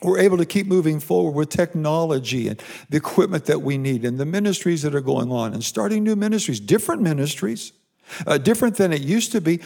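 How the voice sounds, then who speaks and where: Pastor, male, gravelly and slightly high-pitched, emphatic preaching with repetition. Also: animated, fairly quick, darkish tone. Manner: emphatic preaching with repeated phrases. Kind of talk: sermon. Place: church or broadcast sermon to online viewers.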